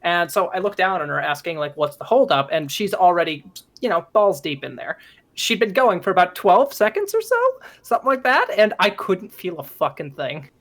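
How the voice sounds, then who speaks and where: A man's voice: high-pitched, very animated, normal speed, a bit bright. A young man from Minnesota with a light Minnesotan accent, casually telling a profane, joking story in a chat. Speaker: guest.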